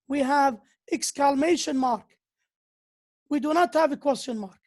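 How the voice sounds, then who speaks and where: A woman's voice: sits high, takes it slowly, a little mellow. A woman lecturing on grammar who often repeats key phrases and reads out examples. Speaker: university lecturer. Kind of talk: slow lecture on English grammar.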